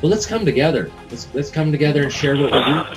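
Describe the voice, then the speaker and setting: A man's voice: on the high side, lively intonation, fast talker, music in the background, low-quality recording. A man hosting a call-in talk show, talking in a rambling, earnest, preachy way.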